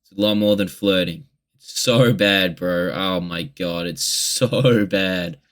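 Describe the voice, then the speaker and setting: A man's voice: low-pitched, slow pace, a bit bright. A young man in a casual confessional vlog monologue, rambling and candid with heavy swearing. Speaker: vlogger.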